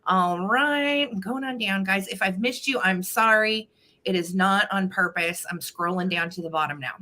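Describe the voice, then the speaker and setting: A woman's voice: medium pitch, normal speed, pushed and bright. Bubbly woman hosting a live sale. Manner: bubbly, greets viewers by name. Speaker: host of a live online vintage sale. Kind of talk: casual live-stream chat.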